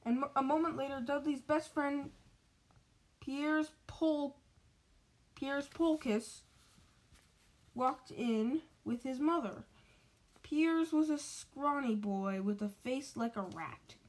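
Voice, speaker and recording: A woman with a high voice reads a storybook aloud. She stumbles often and restarts words and phrases as she goes. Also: slow pace, long pauses.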